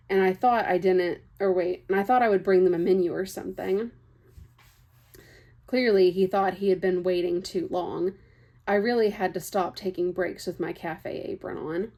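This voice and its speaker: A woman's voice: lowish voice, moderate pace, mellow. A young woman reading a novel aloud, chatty, breaking off for casual asides. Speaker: book reader.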